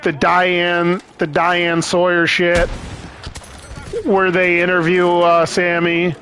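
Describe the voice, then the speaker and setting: A man's voice: sits high, completely flat delivery, takes it slowly, pushed and bright, slight background noise. A young man chatting casually as he streams a game, rambling, swearing and laughing often. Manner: rambling, profane, laughs a lot. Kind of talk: casual chat while gaming.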